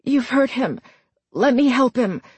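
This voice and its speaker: A hoarse, frightened teenage girl pleads in a high, breathless voice, as a woman reads her part. Each word is strained and begging. The sound is close and dry, from an audiobook. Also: lively intonation, a little slow, a little mellow, no room sound, heavily acted.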